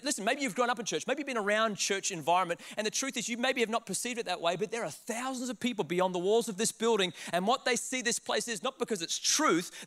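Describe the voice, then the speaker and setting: A man with an Australian accent preaching a sermon, telling a funny personal story with quick laughs and acted-out quotes. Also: high-pitched. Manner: animated, laughing, restarts words, acts out quotes. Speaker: pastor.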